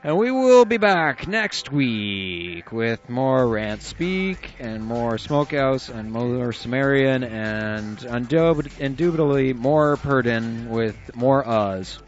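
A man's voice: medium pitch, animated, takes it slowly, hardly any pauses. A man hosting an internet radio show from a small room at home, talking loosely and joking with casual swearing. His voice sits mid-range. The sound is dull and lo-fi, with faint music running underneath. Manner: loose and jokey, laughs often, swears casually. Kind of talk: casual chat.

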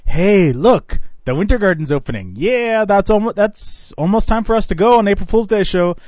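A man's voice: high-pitched, expressive, moderate pace, darkish tone, no echo. A man hosting a live radio show, chatting loosely with fillers and laughs. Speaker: radio host. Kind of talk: casual live radio chat. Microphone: studio microphone. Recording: dull lo-fi radio recording.

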